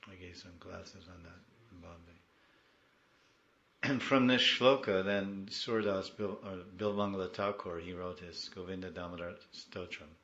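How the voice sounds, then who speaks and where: A man giving a devotional class, moving between soft storytelling and loud, pleading prayers. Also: deep voice, echoey room, muffled recording.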